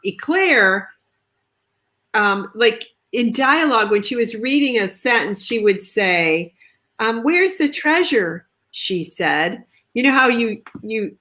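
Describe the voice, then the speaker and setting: A woman author chatting on a video call, telling stories in a lively way and acting out quoted lines. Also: medium pitch. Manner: chatty, animated storytelling with quoted asides. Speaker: author guest. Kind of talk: casual video chat.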